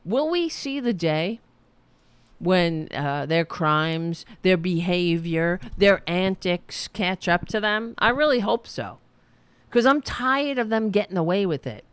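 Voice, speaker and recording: A woman hosting a live-streamed political talk show, ranting angrily and bluntly, with plenty of profanity and some quieter asides to the chat. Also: fairly low pitch, expressive, slow, clear, resonant tone, no echo.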